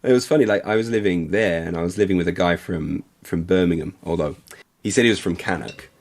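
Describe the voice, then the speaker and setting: Brief: man, low gravelly voice, rambling self-deprecating stream chat. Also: fast. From Essex, England. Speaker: livestream co-host. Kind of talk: casual chat while painting.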